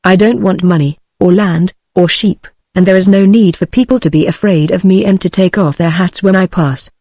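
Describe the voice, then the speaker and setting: A woman's voice: on the low side, steady tone, normal speed, mellow, no echo, clean studio sound. A British woman's synthetic voice reading a sarcastic bitter man. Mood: scornful. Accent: British English.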